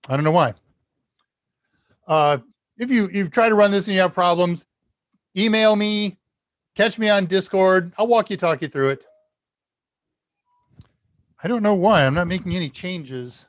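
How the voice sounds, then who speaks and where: A man's voice: high voice, moderate pace, pauses often, no room sound, studio quality. A man hosting a live tech Q&A stream, chatting casually and rambling while he works at his computer, his level jumping as he leans toward and away from the mic. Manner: rambling, chatty, talks to chat while working. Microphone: desk mic at a computer, level jumps as he leans away.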